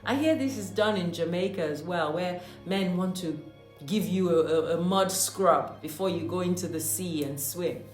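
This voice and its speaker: A woman's voice: fairly low pitch, normal speed. A woman from Nigeria telling a personal story in a monologue. She talks animatedly, with mock-outraged asides, and laughs often. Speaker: host. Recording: echoey room with faint music.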